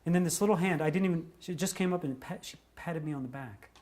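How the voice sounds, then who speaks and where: A man telling a personal story in a lively, conversational way, full of fillers and laughs. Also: a little high, fast talker.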